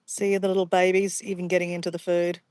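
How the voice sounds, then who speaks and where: A woman's voice: fairly low pitch, level tone, fast, a little mellow, dry recording, studio quality. An Australian woman chatting casually to livestream viewers outdoors by a pond, easily sidetracked and calling her viewers guys. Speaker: livestream vlogger.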